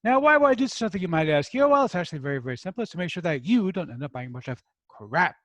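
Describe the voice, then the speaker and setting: A New York man with no regional accent hosts a product review channel, joking and chatting casually with his viewers. His voice is high and a bit bright, racing along with big pitch swings. The audio is dull, with no echo.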